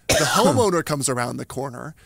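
A man on a podcast, telling a story in casual chat and swinging widely in pitch as he acts out each voice. His delivery is emphatic and animated, and he sounds dry and close to the mic with no room around him. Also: brisk, creaky, slightly rough, no echo. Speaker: podcast co-host.

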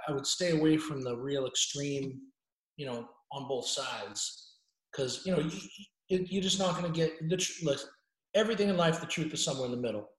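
A middle-aged man talks bluntly and at length as a podcast guest, restarting his sentences as he goes. His voice sits a little high for a man. The room around him sounds echoey. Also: a bit bright. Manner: blunt, rambling, restarts often. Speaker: journalist guest. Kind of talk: casual podcast interview.

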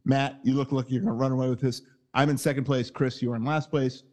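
A man hosting a casual podcast chat over a video call, telling an excitable story. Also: medium pitch, quick pace. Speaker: podcast host.

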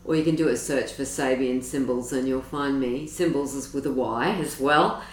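A woman's voice: extremely low pitch, steady tone, normal speed. Roomy, distant woman astrologer. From Australia. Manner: enthusiastic, digressive storytelling. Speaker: astrologer guest. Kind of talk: interview conversation. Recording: roomy, distant mic with faint noise.

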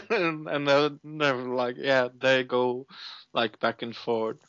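Man, podcast co-host, slow and halting, bright clear voice, dull dry lo-fi mic. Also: mid-range voice, steady tone, dry recording. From Norway. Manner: hesitant, many fillers. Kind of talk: casual chat recapping a TV episode.

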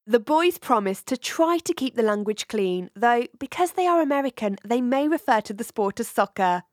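A British woman with a fairly high voice reads a scripted show introduction. The recording is very dry and close. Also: expressive, normal speed, a little mellow, no room sound. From Britain. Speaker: show announcer.

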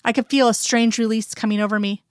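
A woman's voice: a little high, fairly even intonation, fast, smooth, no echo, studio quality. A woman reading a first-person story aloud in an earnest, intimate storytelling voice. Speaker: reader.

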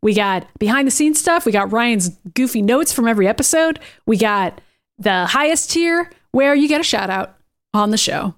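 A woman's voice: fairly high pitch, expressive, normal speed. A woman co-hosting a podcast, chatty and upbeat in a casual chat, laughing easily. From Boston area. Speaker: podcast co-host.

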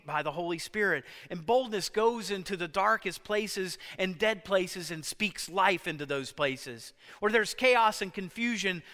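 A man preaching a sermon, emphatic, swinging between loud stresses and hushed lines. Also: high-pitched. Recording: long hall reverb.

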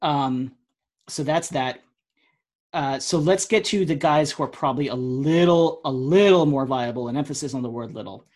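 Male podcast co-host, opinionated, husky voice. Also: mid-range voice, moderate pace, darkish tone. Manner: opinionated, emphatic. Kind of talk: casual sports podcast chat.

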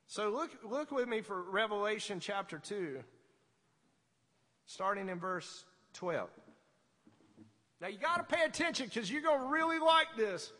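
A man preaching a fervent sermon, swinging from quiet asides to loud exhortation. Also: high voice, expressive, a little slow, pauses often, in a large hall. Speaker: pastor.

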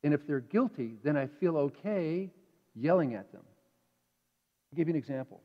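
A male pastor preaching a sermon in a conversational, animated way, asking the congregation questions. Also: on the high side, measured pace. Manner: animated, acts out inner voices. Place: church sanctuary. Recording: dull reverberant church hall.

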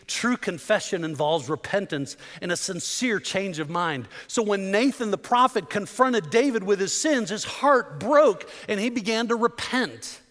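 A man's voice: high-pitched, expressive, measured pace, hardly any pauses, a bit bright. A man preaching a fervent sermon in a church, driving points home with repeated rhetorical questions. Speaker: pastor. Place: church sanctuary. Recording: long hall reverb in a church.

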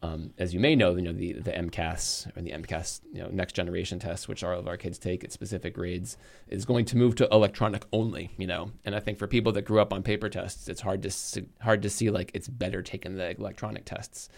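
A man's voice: low voice, steady tone, a little fast, vocal fry. A man in his forties with a New England accent, co-hosting a casual chat in a joking, rambling way. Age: 40s. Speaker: podcast co-host.

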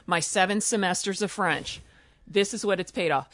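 A woman chatting casually on a podcast, telling lively anecdotes. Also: medium pitch, normal speed, no room sound, studio quality. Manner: chatty, animated storyteller. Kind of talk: casual chat.

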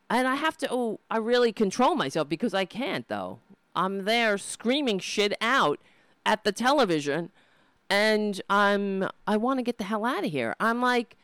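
A man in the middle of a furious, profane political rant, mocking the people he talks about. His voice sits fairly high and leaps around in pitch. The sound is dry, with almost no room. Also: lively intonation, measured pace, clear, resonant tone, no echo. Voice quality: profane, shouting, mocking mimicry. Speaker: political commentary host. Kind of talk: angry ranting commentary.

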